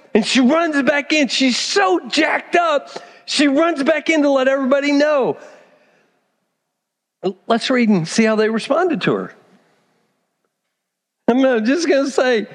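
A man preaching a sermon, telling a scripture story with lively acted-out asides and direct questions to the congregation. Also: very high-pitched. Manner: animated storytelling, acts out characters. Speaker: pastor. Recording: long hall reverb.

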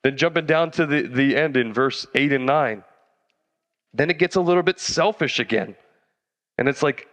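A man's voice: a little high, normal speed, a bit bright. A man preaching a casual sermon as a youth pastor, conversational and slangy, often asking the audience questions. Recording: reverberant hall.

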